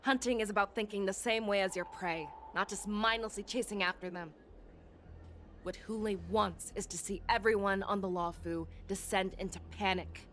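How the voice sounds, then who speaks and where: An actress playing a stern, fierce female general in a video game, speaking in a measured, commanding way. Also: mid-range voice, steady tone, slight background noise, natural voice.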